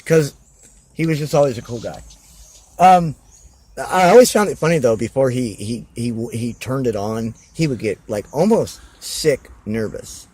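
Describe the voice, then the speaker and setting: A man's voice: medium pitch, unhurried, breathy edge. A man talking casually as a podcast guest, rambling with many fillers and acting out quoted conversations. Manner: rambling, animated, full of fillers and acted-out quotes. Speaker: guest wrestler.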